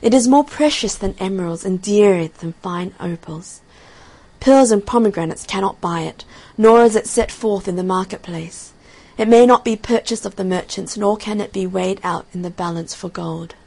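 A woman's voice: medium pitch, moderate pace, vocal fry, a little mellow, rough recording. A woman reading aloud and voicing a devoted female nightingale in an earnest, raised storybook tone. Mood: wondering.

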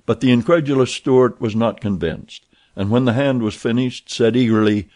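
A man reading a classic novel aloud as an audiobook narrator, steady and even. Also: mid-range voice, normal speed. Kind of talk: scripted narration.

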